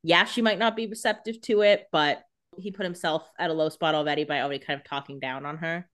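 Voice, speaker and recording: A woman's voice: sits low, fairly even intonation, fast, a bit bright. A woman co-hosting a podcast, chatting casually about a TV episode with wry jokes and frequent laughter. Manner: wry and joking, laughs often. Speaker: podcast co-host. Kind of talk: casual chat recapping a TV episode.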